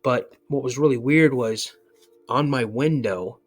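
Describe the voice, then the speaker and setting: A man's voice: mid-range voice, a little slow, soft background music. A man as a podcast guest, telling his own story in a casual, earnest, rambling way and repeating himself for emphasis. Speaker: guest recounting an encounter. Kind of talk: casual first-person storytelling.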